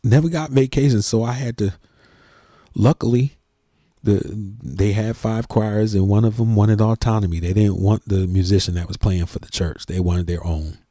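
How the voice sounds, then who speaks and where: A middle-aged church organist talking earnestly and emotionally to the camera, in a heartfelt, preachy way. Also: male voice, lowish voice, fairly even intonation, moderate pace, mellow, dry recording, clean studio sound. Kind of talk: heartfelt casual talk to camera.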